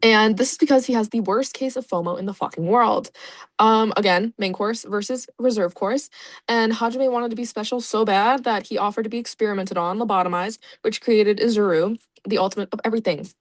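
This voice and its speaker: A woman's voice: medium pitch, fairly quick, no echo. Sarcastic woman rambling through an explainer. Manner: rambling, sarcastic, swears freely. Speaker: video creator. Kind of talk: casual explainer vlog.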